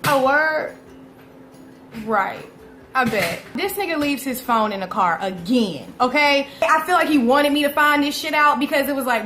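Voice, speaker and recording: Woman in her twenties, high voice, casual storytime vlog, animated and swearing, echoey room. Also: moderate pace, faint music behind. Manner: animated, profane, addresses viewers as y'all. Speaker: vlogger.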